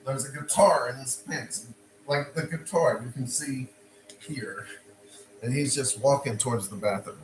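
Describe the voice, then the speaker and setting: A man telling a story in a casual, animated way, often repeating phrases and restarting sentences. His voice sits in an ordinary middle pitch. A faint hum of noise runs underneath. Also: rough recording.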